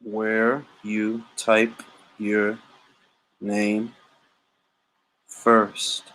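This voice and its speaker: A man's voice: fairly low pitch, completely flat delivery, extremely slow, fairly bright tone, low-quality recording. A man hosting a boxing talk livestream, joking around in casual slang and repeating catchphrases. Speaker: boxing talk show host.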